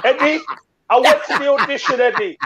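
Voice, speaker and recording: A man's voice: extremely high pitch, fairly quick, a bit bright, poor audio. A man co-hosting a casual chat and telling a comic story. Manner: storytelling, does silly voices. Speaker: co-host.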